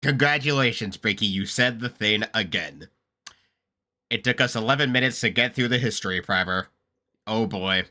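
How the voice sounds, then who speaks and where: A man hosting a casual reaction video, rambling excitedly, swearing freely and laughing often as he comments. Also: fairly low pitch, moderate pace, a faint crowd.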